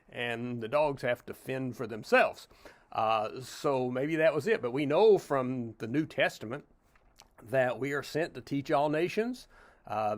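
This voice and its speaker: A middle-aged pastor teaching a Bible study in a relaxed, conversational tone. His voice sits at an ordinary middle pitch, and his talk is full of "uh" and "you know" as he works through the passage. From Tennessee, US.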